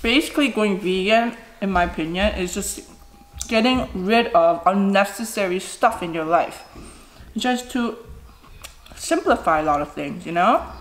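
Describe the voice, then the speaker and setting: A woman in her thirties chats while eating for her mukbang vlog, offering candid advice and leaning on "you know." She speaks a little slowly, with a medium pitch and lively intonation, in an echoey room with faint noise.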